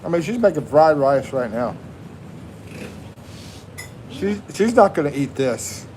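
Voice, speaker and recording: A man's voice: fairly high pitch, sing-song, measured pace, a little mellow, low-quality recording. Texan guy chatting live from his kitchen, easygoing and chuckly, a little background hiss. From USA. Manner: laid-back, chuckling, reads viewer comments. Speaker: livestream host. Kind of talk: casual livestream chat.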